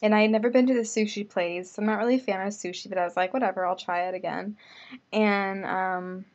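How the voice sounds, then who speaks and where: A woman's voice: mid-range voice, steady tone, fast, dull audio. A young woman telling a casual vlog story, chatty and full of "like" fillers. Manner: chatty, filler-heavy with lots of "like". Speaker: vlogger.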